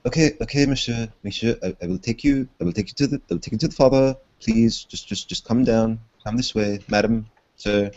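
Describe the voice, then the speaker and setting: A man putting on a jittery security guard with a hammy, bad French accent. He stammers and begs, pitched a bit above a normal speaking voice. The recording is slightly muffled and dry. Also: fairly quick, few pauses, a little mellow, no echo, natural voice. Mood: pleading. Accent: bad put-on French accent. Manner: stammering, pleading. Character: nervous male security guard, pleading.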